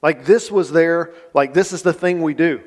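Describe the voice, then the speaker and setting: A man's voice: a little high, normal speed. A male pastor, preaching a sermon in a conversational, folksy manner. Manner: conversational, plain-spoken, folksy asides. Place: church sanctuary. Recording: long church reverb.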